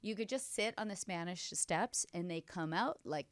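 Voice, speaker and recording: A woman's voice: lowish voice, expressive, moderate pace, no room sound. A middle-aged woman hosting a talk show, chatting casually with emphatic, opinionated remarks and frequent laughter. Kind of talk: casual chat.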